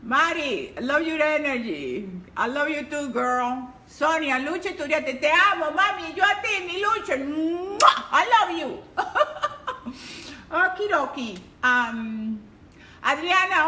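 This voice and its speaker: A woman leading a live-streamed workout class as instructor, energetic and exclamatory, cheering and greeting her viewers. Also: high voice, unhurried. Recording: echoey room with loud music. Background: loud music.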